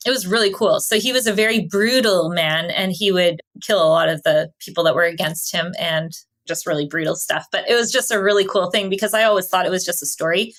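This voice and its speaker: A woman from Canada, a podcast guest, telling travel stories in an animated, chatty way and often laughing. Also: lowish voice, brisk, hardly any pauses. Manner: animated storyteller, laughs often, acts out quotes. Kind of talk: casual interview storytelling.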